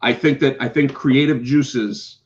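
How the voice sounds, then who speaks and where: A man with a mid-range voice tells stories in an unhurried, animated way. A podcast co-host and comic book artist, he chats casually, swears and acts out quotes, and the lo-fi recording sounds slightly dull.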